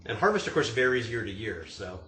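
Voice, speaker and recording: Brief: easygoing, joking tasting-room manager chatting on a stream from a roomy, slightly noisy space. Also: male voice, on the low side, sing-song, a little fast, a bit bright. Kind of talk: casual livestream chat. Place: home room. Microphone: video stream mic.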